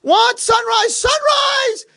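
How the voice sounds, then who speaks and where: A good-natured old man coaxes his grumpy roommate, voiced by a male storyteller, sounding lively and persuasive. His voice sits a little higher than usual and swings widely in pitch. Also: brisk, slightly rough, full character voice. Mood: eager enthusiastic. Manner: lively, coaxing. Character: kind cheerful wealthy old man.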